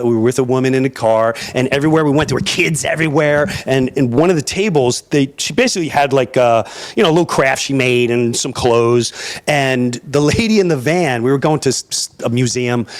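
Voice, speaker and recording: A man's voice: medium pitch, quick pace. A man from Long Island, delivering an impassioned, emphatic monologue that repeats its points. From Long Island, New York. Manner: animated, emphatic, repeats phrases.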